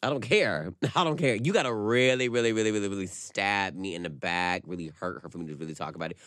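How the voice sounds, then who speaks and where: A man's voice: lowish voice, fast talker, fairly bright tone, no echo, studio quality. A man co-hosting a podcast, chatting casually and animatedly, swearing freely and laughing often. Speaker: podcast co-host. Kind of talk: casual chat.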